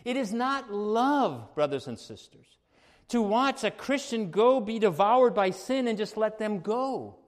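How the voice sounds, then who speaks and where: High-voiced emphatic male preacher. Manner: emphatic preaching, swings between quiet asides and raised exclamations. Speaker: pastor. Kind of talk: sermon.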